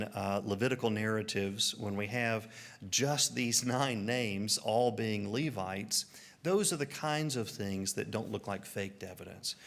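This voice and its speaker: A man with a Southern American accent preaching a sermon, telling stories and putting on voices for quotes. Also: lowish voice. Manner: storytelling, animated, puts on voices for quotes. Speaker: pastor.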